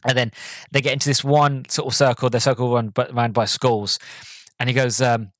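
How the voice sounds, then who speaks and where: A man's voice: mid-range voice, little pitch movement, normal speed, no echo. A man hosting a podcast, giving a casual, rambling movie review with lots of filler words and plenty of enthusiasm. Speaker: podcast host.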